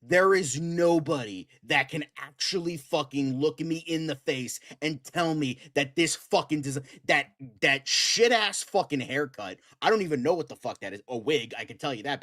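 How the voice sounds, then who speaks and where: A man's voice: on the high side, normal speed, hardly any pauses, a bit bright. A man co-hosting a fan talk show, ranting heatedly and swearing constantly. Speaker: co-host. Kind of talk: profane ranting chat.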